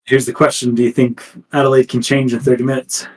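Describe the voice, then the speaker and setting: A man's voice: mid-range voice, flat delivery, quick pace, a little mellow, low-quality recording. Guy running a tabletop game, kinda hesitant, lots of um and uh. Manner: hesitant, many fillers. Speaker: game master.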